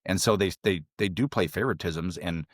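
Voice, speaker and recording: Low-voiced man telling stories. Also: fairly quick, no echo, clean studio sound. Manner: rambling, animated storytelling with many fillers and restarts; jumps to a high voice when quoting others. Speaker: podcast guest, former SEAL trainee. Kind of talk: casual storytelling interview.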